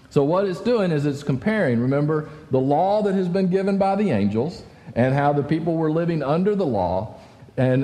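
A man's voice: mid-range voice, mellow, in a large hall. A man giving a casual, conversational sermon as a pastor, talking with many fillers and restarts.

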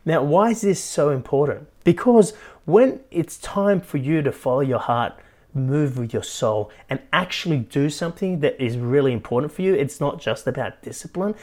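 A man's voice: on the high side, normal speed. Man coaching, keeps asking "right?". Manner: keeps adding "right?", animated. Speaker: life coach and podcast host. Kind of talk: motivational podcast talk.

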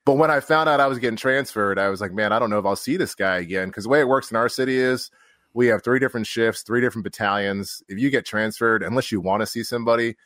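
Male fire officer guest, lowish voice, dry close sound, candid storyteller who acts out quotes and swears freely. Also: quick pace, fairly bright tone, no echo. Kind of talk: storytelling in casual conversation.

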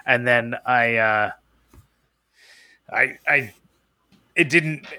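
A man co-hosting a podcast, joking in an animated, casual way. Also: mid-range voice, very slow, no room sound. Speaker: podcast co-host.

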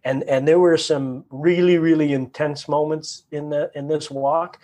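A man from Canada talks as a guest, telling his story with lively energy. His voice sits a touch high for a man, and he keeps acting out other people's lines while circling back over his own words. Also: measured pace. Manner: animated storyteller who acts out quotes and repeats words. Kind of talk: storytelling conversation.

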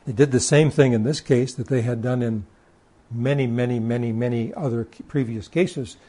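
A man's voice: medium pitch, normal speed, warm tone. A man preaching a sermon, reading scripture aloud and explaining it with emphatic stress on key words and occasional stammered restarts.

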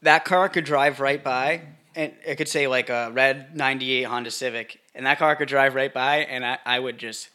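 Young male podcast co-host, sharp bright tone, deadpan self-mocking humor. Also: mid-range voice, normal speed. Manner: deadpan, self-deprecating jokes. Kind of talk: casual crude banter.

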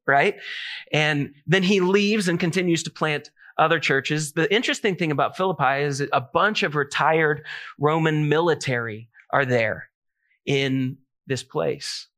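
A man preaching a sermon, telling a story in a lively, animated way with many asides. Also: on the high side. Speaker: pastor.

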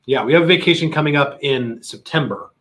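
A man hosting a casual chat show, telling stories in an animated way and acting out what people said. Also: medium pitch, a little fast. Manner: animated storyteller, acts out quotes loudly. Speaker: podcast host.

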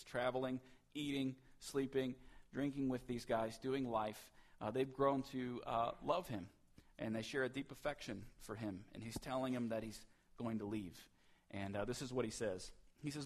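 A man in his thirties preaching a sermon in a church, swinging between loud and hushed delivery. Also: mid-range voice. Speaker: pastor.

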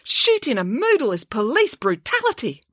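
A prim, articulate schoolgirl laying out her reasoning with calm superiority, read by a woman. The voice is dry and close, only slightly lifted from a plain reading tone. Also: high-pitched, normal speed, no echo, voice pushed up, heavily acted. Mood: coolly superior. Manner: prim, articulate, coolly polite. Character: know-it-all schoolgirl, calm and precise.

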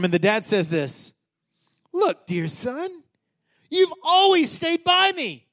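A man's voice: sits high, sing-song, moderate pace, a bit bright. A middle-aged man, a pastor, preaching a conversational sermon that climbs to emphatic peaks.

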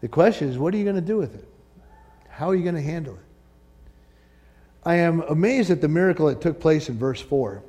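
A male pastor preaching a sermon, animated and joking, acting out quotes from the story and the congregation. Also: fairly high pitch, brisk, pauses often, big-room sound. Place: church sanctuary.

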